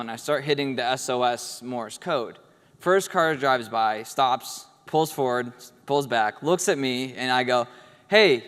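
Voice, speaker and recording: A man's voice: medium pitch, fairly bright tone, smooth. A young man telling a personal story in a casual, wry, matter-of-fact way, in a large hall. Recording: long hall reverb.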